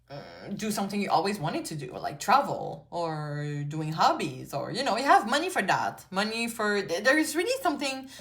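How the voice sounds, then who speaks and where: Here the tarot reader's voice is mid-range with a fairly bright tone. Originally a French speaker, she runs a casual pick-a-card reading that's chatty, profane and thick with "like" and "you know."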